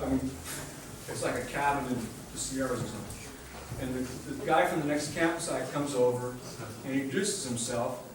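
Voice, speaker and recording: A man's voice: medium pitch, noisy background. Man telling stories in an echoey hall. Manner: storytelling, laughs often, chokes up near the end. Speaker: friend giving a eulogy. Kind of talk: memorial speech with stories. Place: memorial hall. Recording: distant mic in echoey hall.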